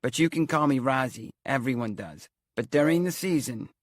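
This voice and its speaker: A man voicing a theatrical middle-aged female carnival fortune-teller who puts on a grand mock old-world accent and pauses for drama. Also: mid-range voice, expressive, no room sound, clean studio sound, pitched above the performer's own voice, close to an everyday voice. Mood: brisk.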